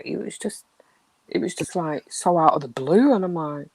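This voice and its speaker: A middle-aged woman, chatting casually and telling stories with animated, hushed asides. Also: sits low, normal speed, husky, no room sound, poor audio. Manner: animated storyteller, drops to a hushed voice. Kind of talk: casual chat, storytelling.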